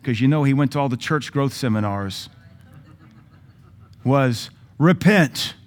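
A man's voice: medium pitch, fast talker, a little mellow. Blunt sarcastic Southern preacher man. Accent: Southern American. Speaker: pastor. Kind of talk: sermon.

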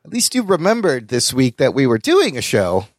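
A man's voice: mid-range voice, huge pitch swings, moderate pace, no room sound, clean studio sound. A man hosting a podcast, giving playful, upbeat introductions in casual banter. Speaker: podcast host.

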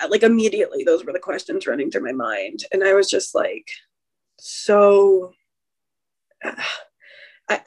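A woman's voice: medium pitch, darkish tone. Young woman guest, rambling personal account, emotional, many fillers and restarts. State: emotional, recounting trauma. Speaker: guest sharing a birth story. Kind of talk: personal storytelling in an interview.

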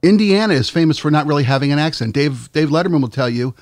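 A man's voice: a little high, lively intonation, fast, a little mellow, no room sound, studio quality. A man with a Baltimore accent, co-hosting a casual podcast chat in a rambling, joking, playfully opinionated way. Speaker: co-host.

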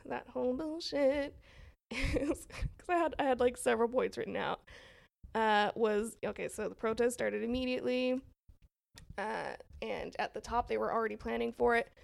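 A woman's voice: fairly high pitch, animated, normal speed, vocal fry. A woman co-hosting a casual political chat podcast, rambling with many fillers and frequent laughs. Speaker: podcast co-host.

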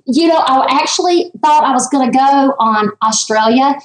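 High-pitched woman in her fifties, emphatic and animated guest, roomy echo around her voice on the line. She tells stories with lively emphasis and speaks in a high voice. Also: normal speed. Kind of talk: casual interview chat.

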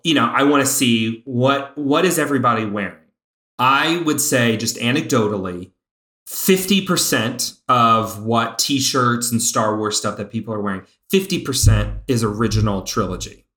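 A man in a casual podcast chat, speaking at a middle pitch with plenty of eager energy. His pace surges and then slows as he gets excited. The room gives his voice a noticeable echo. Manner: excited fan, speeds up and slows down. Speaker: podcast co-host. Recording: roomy echo.

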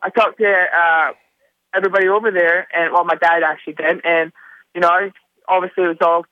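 A man's voice: sits high, level tone, fairly quick, no room sound. Man on a muffled phone line. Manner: laid-back, rambling with fillers. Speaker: racer calling in as guest. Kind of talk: casual phone-in chat.

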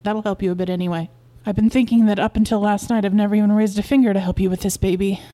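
A woman's voice: medium pitch, steady tone, fast, warm tone, lightly acted. A woman voicing Albert, an eager young husband who coaxes and reassures his wife, in a short story read aloud. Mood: earnest. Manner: earnest and coaxing.

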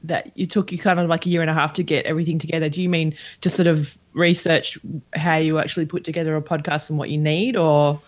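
A woman, from Australia, guest-hosting a podcast and asking relaxed interview questions. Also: sits low, fast. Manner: friendly, asks questions in a relaxed way. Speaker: guest host.

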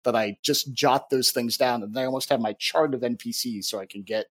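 A man's voice: mid-range voice, a little fast. A man co-hosting a podcast, rambling casually with restarts and the odd swear. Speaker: podcast co-host. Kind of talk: casual chat.

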